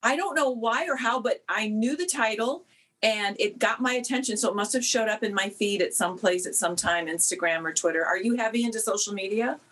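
A middle-aged woman speaks as a podcast guest with a husky, slightly breathy voice. She talks in a warm, easy, conversational way. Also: mid-range voice, fairly quick, poor audio. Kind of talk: casual interview chat.

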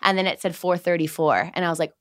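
A woman in her thirties from the United States, a guest on a podcast interview, telling stories in an animated way, laughing often and acting out what people said. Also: fairly low pitch, fast talker. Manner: animated, laughs often, acts out quotes of herself and others. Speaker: guest, Olympic swimmer.

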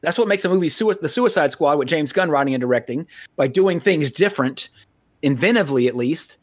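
A man's voice: on the high side, lively intonation, a little fast, no echo, studio quality. An American man co-hosting a podcast in a casual, rambling, profane way, laughing often. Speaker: podcast co-host.

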